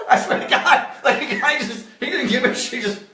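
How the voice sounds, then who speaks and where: A man, a comedian and co-host, telling a funny story in casual podcast chat, with an animated manner and quick laughs. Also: very high voice, distant mic. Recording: roomy, off-mic sound.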